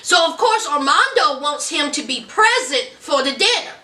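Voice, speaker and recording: A woman's voice: high voice, big pitch swings, normal speed, pushed and bright. A woman giving a sassy, chatty recap of a reality show in casual, colloquial talk. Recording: echoey room, mic at a distance.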